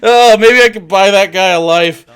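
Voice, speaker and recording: A man's voice: sits high, normal speed, a bit bright, clean tone. A man streaming live, taunting a chatter with profanity and frequent laughter.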